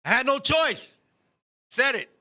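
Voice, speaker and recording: A man with a very high, piercingly bright voice tells a comic story. He talks in an animated, profane way and acts out scenes with sudden shouts, as a co-host of a talk show. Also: a little slow. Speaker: podcast co-host.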